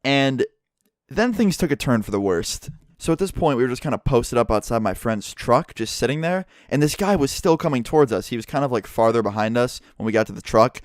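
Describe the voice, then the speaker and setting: A young man tells a story vlog in a lively, profane way, cursing all through. His voice is smooth and clear at a middle pitch, and the sound is dry and close to the mic. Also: dry recording. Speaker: YouTuber.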